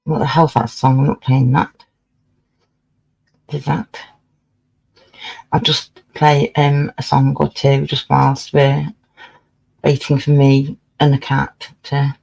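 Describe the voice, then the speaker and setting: A woman's voice: a bass voice, completely flat delivery, slow pace, vocal fry, pauses often, a little mellow, faint music behind, rough recording. A woman casually chatting on her livestream, swearing freely and scolding her cat as she talks. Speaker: livestream host.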